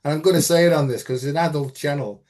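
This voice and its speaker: A man's voice: a little high, fast talker, darkish tone. A man hosting a frank conversation, blunt and earthy, swearing freely and telling stories with quoted dialogue. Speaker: host.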